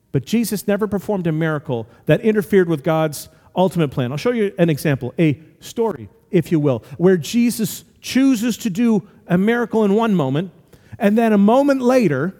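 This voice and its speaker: High-voiced male pastor in a reverberant hall. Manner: animated, acts out voices in stories. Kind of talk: sermon.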